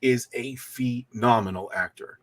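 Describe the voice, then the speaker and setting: A man who is a film director, a guest on a podcast, explaining things in a casual and animated way. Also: medium pitch, measured pace. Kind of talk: casual interview chat.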